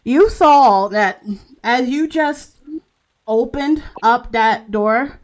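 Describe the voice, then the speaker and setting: A woman narrating a tabletop game as game master, halting and full of fillers as she describes scenes. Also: on the high side. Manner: slow, halting narration with many fillers and restarts.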